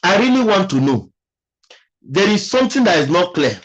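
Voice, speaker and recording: Husky Nigerian man chatting on a live stream. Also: sits high, very animated, normal speed, dull audio. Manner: chatty, thanks viewers by name, muses aloud. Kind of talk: casual live-stream chat.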